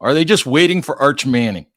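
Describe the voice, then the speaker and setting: A man's voice: mid-range voice, animated, moderate pace, a bit bright. A man hosting an interview, asking questions in a conversational, wry way. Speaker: host, writer. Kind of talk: podcast interview.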